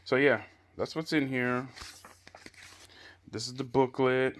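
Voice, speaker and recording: A Chicago-area man reviews a gaming chair while assembling it at home, filmed on a handheld camera mic. He speaks slowly with long pauses, in a steady, medium-pitched, fairly bright voice. His casual, unscripted talk rambles on with frequent "you know" and "I guess."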